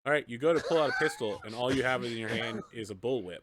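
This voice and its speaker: Man running a tabletop game, bright voice. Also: mid-range voice, fast talker, a little hiss or hum. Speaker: game master.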